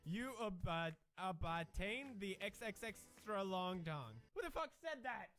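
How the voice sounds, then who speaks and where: A young man giving loud, jokey let's-play commentary while playing a game, swearing often. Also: sits high, sing-song, a little slow, faint music behind. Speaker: gamer.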